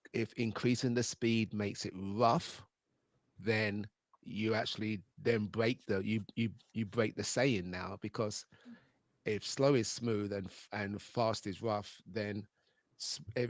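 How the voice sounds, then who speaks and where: A man's voice: on the low side, steady tone, takes it slowly, dry recording. A man hosting a casual video-call chat, rambling and restarting his sentences as he works through an idea. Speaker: host.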